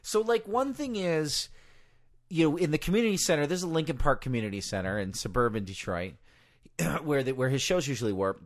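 Animated storytelling man. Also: on the high side, brisk. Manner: animated storyteller, acts out quotes, swears. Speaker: podcast co-host, former ring announcer. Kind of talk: casual storytelling chat.

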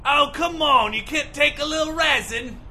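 High gravelly hooligan, bright and drawn-out, bellows abuse in a comedy sketch. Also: male voice, exaggerated voice. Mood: rowdy. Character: rowdy foul-mouthed male soccer hooligan heckler.

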